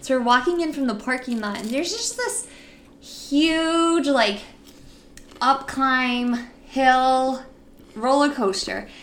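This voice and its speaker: A young woman co-hosting a casual chat, telling a story with lively re-enacted quotes. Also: high voice, slow pace, slight background noise. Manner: animated storyteller, acts out her own panicked quotes. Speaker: podcast co-host.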